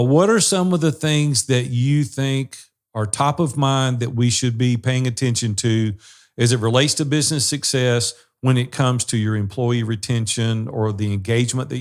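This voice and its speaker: A man co-hosting a business podcast who affirms his partner and encourages the listeners. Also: medium pitch. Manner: affirming, encouraging, poses questions. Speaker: podcast co-host. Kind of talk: casual business podcast chat.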